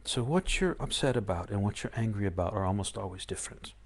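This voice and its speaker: A man's voice: on the low side, expressive, fast, gravelly. Earnest man giving an emphatic talk. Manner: firm, earnest, emphatic, acts out inner voices. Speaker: spiritual teacher. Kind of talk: talk to a live online audience.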